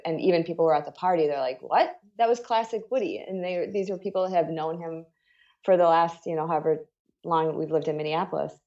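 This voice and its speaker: A middle-aged woman with a fairly low voice tells a personal story as an interview guest. She talks in an earnest, conversational way, filling her sentences with "you know" and "like." The podcast audio is a little dull and muffled. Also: warm tone.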